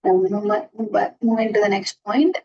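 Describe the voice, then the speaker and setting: A woman's voice: medium pitch, a little slow, vocal fry, darkish tone, slightly rough, lo-fi sound. A woman teaching astrology in an earnest lecture, restarting and repeating herself often as she explains. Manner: earnest, repetitive, frequent restarts. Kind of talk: classroom lecture.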